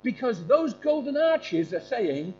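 Male preacher, high and animated delivery, informal talk with questions for the congregation; muffled recording. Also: takes it slowly. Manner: animated, quizzing listeners. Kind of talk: informal sermon with questions to the audience. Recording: dull lo-fi with faint hum.

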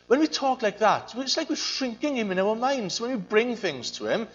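A man's voice: high voice, sing-song, a little fast, hardly any pauses, highs cut off. A man preaching a sermon, earnest and searching, often repeating his phrases. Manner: earnest, repeats phrases, mimics voices in quotes.

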